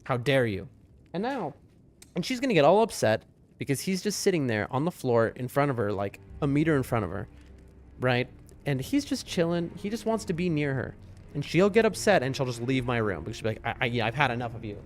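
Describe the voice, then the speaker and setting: A man's voice: big pitch swings, fairly quick, a little hiss or hum. Chatty man streaming a game. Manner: chatty and rambling, talks to his chat, soft high voice when talking to his cats. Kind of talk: casual live-stream chat. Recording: faint music behind the voice.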